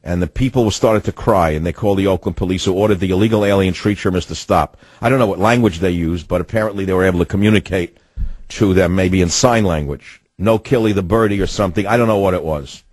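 A man's voice: sits low, fast, darkish tone, husky, no echo. A man hosting a talk radio show, delivering an indignant, ranting monologue with sardonic asides.

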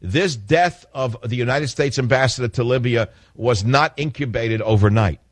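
A man's voice: medium pitch, moderate pace, no room sound. A man hosting a political radio talk show, speaking in an emphatic monologue that repeats and stresses key phrases.

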